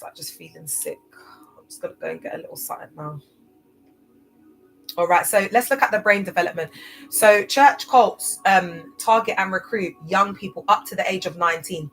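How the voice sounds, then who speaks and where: A woman's voice: fairly low pitch, poor audio. Woman, casual livestream host, slangy, repetitive, faint music behind. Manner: chatty, repetitive, slangy, swings loud and soft. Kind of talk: casual live-stream talk.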